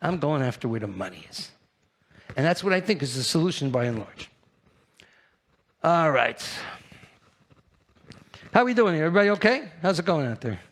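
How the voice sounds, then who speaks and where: An older man with a New York accent giving a brash, animated conference keynote, teasing the audience. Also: fairly high pitch, normal speed, pauses often. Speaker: keynote speaker.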